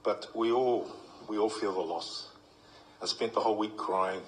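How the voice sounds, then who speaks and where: Deep-voiced New man giving a eulogy. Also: normal speed, a little hiss or hum, rough recording. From New Zealand. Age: middle-aged. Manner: heartfelt, humorous storytelling with acted quotes. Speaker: eulogy speaker. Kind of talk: funeral eulogy.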